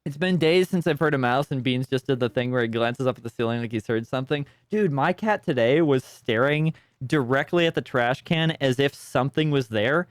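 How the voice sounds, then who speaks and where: A man's voice: medium pitch, fairly quick, clear, resonant tone, dry recording, clean studio sound. A man streaming a detective game, rambling and sarcastic in casual commentary at a desk microphone.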